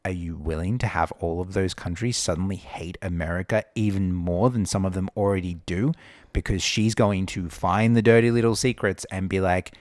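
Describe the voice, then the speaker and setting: A man's voice: sits low, fairly even intonation, moderate pace, dry recording, studio quality. A man co-hosting a podcast, talking in a casual, opinionated and scornful way. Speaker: podcast co-host.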